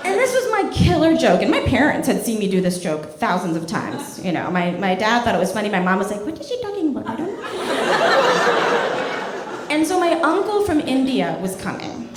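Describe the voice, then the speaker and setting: A woman doing a stand-up set in a comedy club, animated and acting out characters in her stories. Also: medium pitch, fairly quick, hardly any pauses. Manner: animated, acts out characters in quotes. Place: comedy club stage with live audience. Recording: echoey club with loud crowd laughter.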